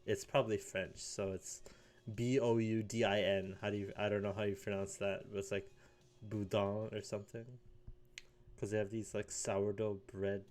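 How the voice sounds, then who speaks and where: A man's voice: on the low side, monotone, normal speed, a little mellow, soft background music. A young man in his late teens rambling casually in a solo vlog, full of fillers and little chuckles. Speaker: vlogger.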